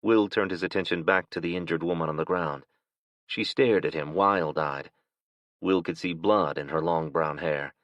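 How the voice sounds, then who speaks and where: A man narrating an audiobook in a steady, measured way. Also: low voice, no room sound. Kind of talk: scripted narration. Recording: dull, dry lo-fi recording.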